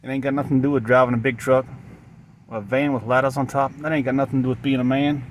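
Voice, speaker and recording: A man's voice: mid-range voice, little pitch movement. A loopy, sleep-deprived man rambles to his camera in a put-on Southern drawl. He talks in a mid-range voice, stumbling and restarting. Faint traffic hums behind him in an outdoor lot. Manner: halting, repetitive, full of restarts. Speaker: vlogger.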